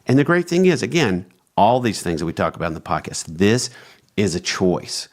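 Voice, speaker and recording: A man with a low voice talks through marriage advice on a podcast. He is earnest and exhorting, and sounds a little like a preacher counseling his listeners. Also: very animated, normal speed. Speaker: podcast co-host. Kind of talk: conversational podcast discussion.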